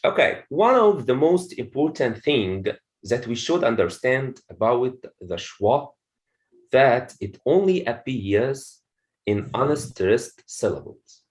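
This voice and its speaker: Guy teaching english pronunciation, slow and sing-songy, says every word twice, lots of okays. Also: medium pitch, big pitch swings, low-quality recording. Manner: slow and repetitive, says words twice to model them; frequent "okay" fillers. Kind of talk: slide-based lesson.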